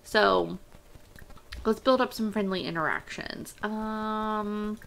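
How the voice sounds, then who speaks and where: A woman's voice: mid-range voice, steady tone, slow, gravelly, a bit bright, slight background noise. A woman hosting a let's play, chatting casually and thinking aloud with many fillers as she plays. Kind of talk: casual gameplay commentary.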